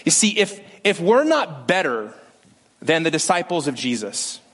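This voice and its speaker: A male pastor preaching a sermon, animated and lively, acting out quotes from scripture with shifts in pitch. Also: unhurried, husky.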